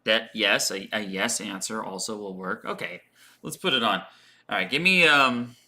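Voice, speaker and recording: A man hosts a casual English lesson livestream, answering viewers' questions as they arrive. Thinking aloud, he often restarts, repeats words, and fills pauses with "um" and "uh", his English teacher's voice slightly low but bright and forward.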